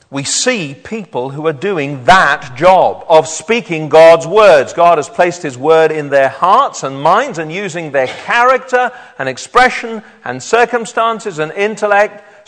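A man's voice: high voice, fairly bright tone. A man preaching a sermon, reading scripture aloud and then explaining it to his congregation. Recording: long hall reverb.

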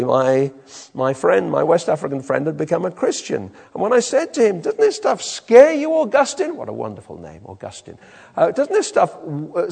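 A British man preaching a sermon with an animated, emphatic delivery in a church hall. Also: fairly high pitch, creaky, slightly rough. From Britain. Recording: long reverb in a hall.

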